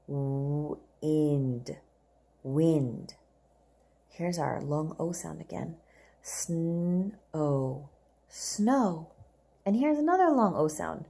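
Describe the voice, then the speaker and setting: Slow, patient woman teaching children English. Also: sits low, lively intonation. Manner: slow, clear, patient, models words twice for repeating. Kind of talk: recorded homework lesson for young learners.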